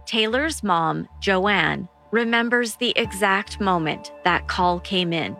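Woman narrator, calm scripted documentary voice-over, bright tone, faint music. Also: medium pitch, takes it slowly.

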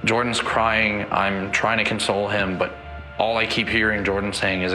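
A man's voice: fairly low pitch, little pitch movement, normal speed, pushed and bright, faint music behind. A young man, son of the victims, giving an emotional first-person account and acting out what each person said. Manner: retells events by acting out quoted dialogue.

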